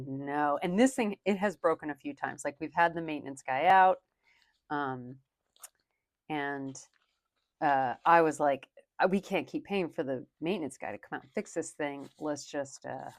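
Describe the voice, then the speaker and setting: A woman's voice: low-pitched, dry recording. A young woman and working mom chatting casually while counting cash for her budget, rambling with lots of "like".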